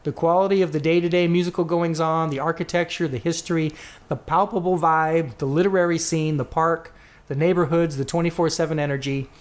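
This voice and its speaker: A podcast co-host chats casually, reading listener answers aloud and rambling while he corrects himself along the way. His voice is fairly high with fairly even intonation, and he speaks briskly.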